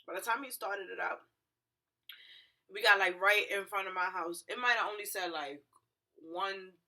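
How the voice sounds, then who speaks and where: A young woman telling a story to her viewers in a lively, profane, slangy way. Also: mid-range voice, moderate pace. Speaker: vlogger. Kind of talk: storytime vlog.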